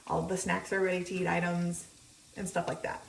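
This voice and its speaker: A woman's voice: lowish voice, completely flat delivery, a little fast, gravelly, far from the mic, slight background noise. Chatty woman cooking in an echoey kitchen. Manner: chatty, rambling, many ums, narrates her cooking. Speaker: vlogger. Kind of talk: casual chat while cooking. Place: home kitchen. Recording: echoey kitchen, voice often off-mic. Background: frying sizzle.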